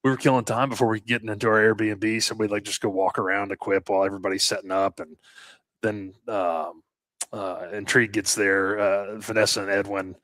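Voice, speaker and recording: A man with a lowish voice tells a long story in a loose podcast chat. He rambles along with fillers and restarts and swears casually. The recording is dry and close. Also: little pitch movement, a little fast, fairly bright tone, dry recording. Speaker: podcast co-host and landscaping business owner.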